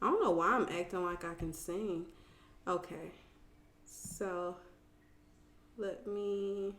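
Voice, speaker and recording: A woman's voice: lowish voice, slow pace, roomy sound, a little hiss or hum. A woman hosting a casual live stream, talking straight to her viewers and reading their comments aloud. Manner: chatty and animated, talks straight to viewers, reads comments aloud. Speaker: live-stream host recapping a reality show.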